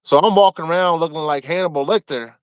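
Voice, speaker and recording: A man from Maryland telling a rough story from his time in prison, cursing freely and acting out what people said. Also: a little high, quick pace, dry recording. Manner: animated, profane, acts out quotes. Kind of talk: casual storytelling.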